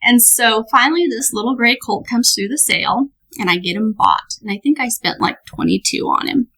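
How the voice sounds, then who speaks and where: Podcast guest, woman, lively storyteller, bright and a bit husky. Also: on the high side, fairly quick, rough recording. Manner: lively, laughing, animated storyteller. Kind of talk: casual storytelling.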